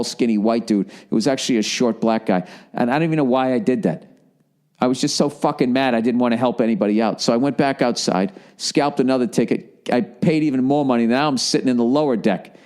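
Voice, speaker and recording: A middle-aged man with a Boston accent hosts a podcast, telling a comedic story full of swearing. He's animated and acts out other people in higher voices.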